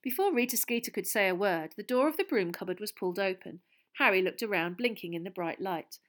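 Woman audiobook narrator, steady storytelling. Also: medium pitch, brisk.

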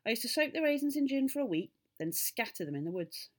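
Excitable little old country doctor, mischievous, pitches up high and gets loud, read by a woman. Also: quick pace. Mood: genial, conspiratorial. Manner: animated, rising to loud indignant bursts.

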